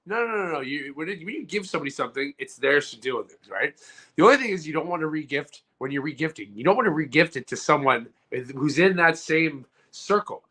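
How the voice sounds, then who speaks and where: A man with a bright, forceful voice that swings up and down a lot as he argues a mock debate. He rambles and jokes with loose, animated energy. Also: on the high side, fast talker. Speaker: podcast co-host, debater. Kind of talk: casual comedic debate.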